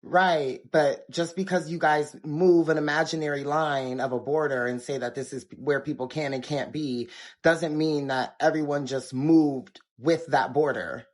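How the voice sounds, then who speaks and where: A man's voice: a little high, steady tone, unhurried. A young man giving a casual opinion rant to camera, full of "like" fillers. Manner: casual, filler-heavy, frequent "like".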